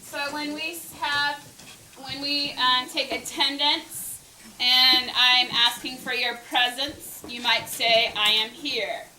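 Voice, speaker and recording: A woman teacher with a high voice talks slowly to her class and stretches out her cue words. She is heard from a distance in an echoey classroom. Clear noise runs behind her. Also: level tone, bright, forceful tone. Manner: slow, drawn-out cue words. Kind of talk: classroom instruction. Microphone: worn teacher mic, recorded from a distance. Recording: echoey classroom mic from far off.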